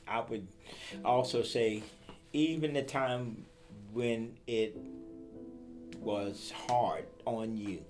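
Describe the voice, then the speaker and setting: A man speaks in a slow, measured way, earnest and reflective, as he addresses his late father. His voice sits a little low. Music plays softly but clearly beneath him. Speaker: interviewee. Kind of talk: heartfelt spoken letter to his late father. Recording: music playing under the voice.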